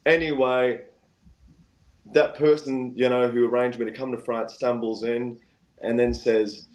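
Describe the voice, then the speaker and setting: A man in an easy, rambling storytelling mood, his voice sitting at a middling pitch. He rushes through some stretches and slows right down in others. He acts out the other people in his story, jumping his pitch up to play them. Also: muffled recording. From Australia. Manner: animated, acts out quoted voices with big pitch jumps, keeps saying "anyway". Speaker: guest singer-songwriter. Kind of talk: casual storytelling chat.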